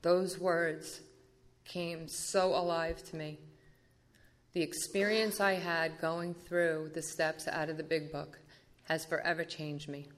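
A woman giving an animated personal recovery testimony at a meeting, acting out the dialogue as she goes. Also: deep voice, slow pace.

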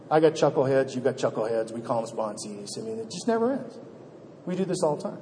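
A man's voice: mid-range voice, expressive, a little fast, background noise. A middle-aged man telling a self-mocking story to a meeting, with exasperated outbursts. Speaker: speaker at a recovery meeting. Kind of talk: storytelling talk. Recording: reverberant hall, faint background ambience.

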